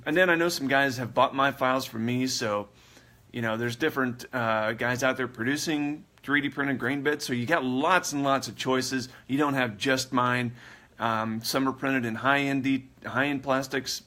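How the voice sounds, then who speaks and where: A man's voice: mid-range voice, pushed and bright. A man hosting a casual livestream, chatting in a rambling way and laughing often. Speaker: livestream host.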